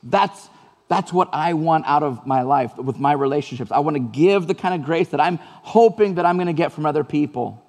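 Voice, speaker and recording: Male pastor, slightly high voice, earnest conversational sermon with repeated phrases, long hall reverb. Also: normal speed, darkish tone.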